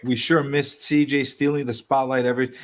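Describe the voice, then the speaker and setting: A man in a casual group video chat, teasing the others with loud, rambling, playful bluster. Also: mid-range voice, flat delivery, brisk. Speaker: community hangout regular.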